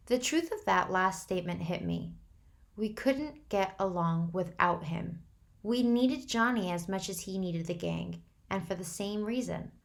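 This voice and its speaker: A woman reads a novel aloud to her students. Her narration is steady and unhurried, plain and attentive to the story. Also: medium pitch. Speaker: teacher reading to a class.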